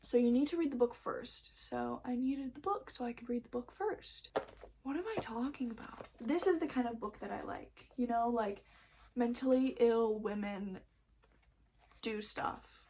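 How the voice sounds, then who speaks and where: A woman's voice: a little high, a little slow, a little mellow, slightly rough. A young woman chatting casually and a bit nervously as she shows her books, rambling and often losing her train of thought. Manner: rambling, chatty, self-interrupting; nervous first-time vlogger. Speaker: book vlogger. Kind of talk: casual book haul chat.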